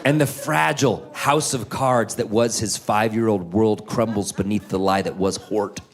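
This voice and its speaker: A man in his thirties doing a stand-up comedy set, animated, jumping into loud high-pitched voices for kids and teachers. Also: moderate pace, background noise. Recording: live in a theater with crowd laughter.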